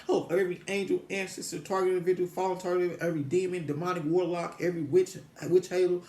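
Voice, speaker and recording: Rambling man, quick delivery, echoey room. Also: high-pitched, flat delivery, warm tone. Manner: meandering, repetitive, frequent restarts, rhetorical questions. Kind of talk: rambling religious musing to viewers.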